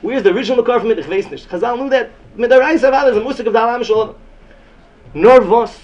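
A man giving an excited Talmud lecture. He repeats phrases often and mixes Yiddish and Hebrew terms into his English. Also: very high voice, racing, dull audio. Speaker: Talmud teacher.

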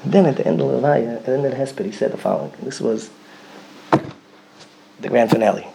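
A man with a Yeshivish English accent giving a sermon, telling a story with strong swings from loud emphasis to a near whisper. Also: mid-range voice, fast, creaky, slight background noise. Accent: Yeshivish English, Yiddish and Hebrew words. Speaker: rabbi giving a talk.

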